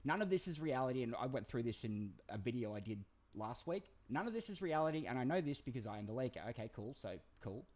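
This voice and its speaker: A man hosts a loose commentary chat, his voice rising and falling a lot. He talks in an excitable, rambling way and swears freely. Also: medium pitch, fast. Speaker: commentary channel host.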